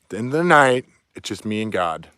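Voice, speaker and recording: A man's voice: on the low side, sing-song, brisk, bright, forceful tone, smooth, no echo, clean studio sound. Angry, profane man ranting. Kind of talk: ranting monologue. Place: outdoors near woods, with dog.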